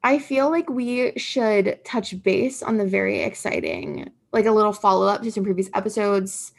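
Young woman cohosting a pop culture podcast, lots of fry, gushy and laughing a lot. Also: medium pitch, normal speed. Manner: chatty, gushing, laughs often. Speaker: podcast co-host. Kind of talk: casual pop culture chat.

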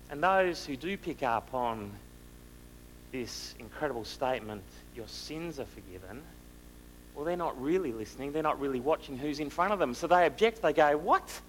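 A man preaching a sermon, asking the listeners rhetorical questions and moving between loud and hushed delivery. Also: medium pitch, lively intonation, normal speed, slight background noise, poor audio.

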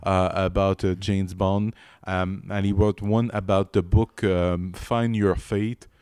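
A man with a French Canadian accent co-hosting a podcast in casual chat, halting with many restarts and fillers. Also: deep voice, level tone, darkish tone, clean tone, dry recording. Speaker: podcast co-host.

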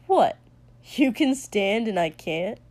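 A woman reading the lines of a reckless, crude and teasing young man, blunt and gruff. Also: mid-range voice, lively intonation, a little slow, mellow, lightly acted. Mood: brash teasing.

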